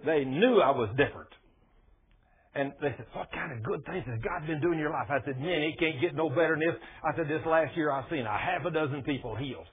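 A man preaching a sermon in a folksy, colloquial way, telling animated personal stories to his listeners. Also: a little high, a little fast. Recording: tinny phone-like radio broadcast.

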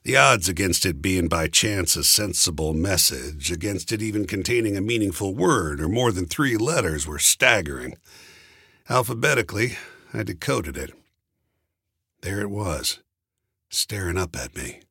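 A man's voice: deep voice, animated, moderate pace, sharp tone, husky, dry recording, studio quality. A man narrating a story in the first person, with a wry, conversational way of telling it.

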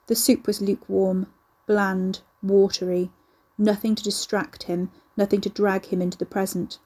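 Mellow, husky woman narrator. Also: medium pitch, little pitch movement, normal speed, hardly any pauses. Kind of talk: audiobook narration.

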